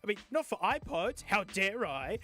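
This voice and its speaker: A man hosting a casual product-review vlog, excitable, joking and sarcastic as he talks. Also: sits high, moderate pace. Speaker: host.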